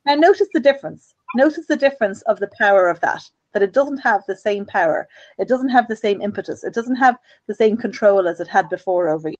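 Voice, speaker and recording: A woman's voice: medium pitch, expressive, brisk, no echo, muffled recording. A woman from Ireland hosting a radio self-help talk, earnest and encouraging, often repeating her phrases. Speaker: radio host.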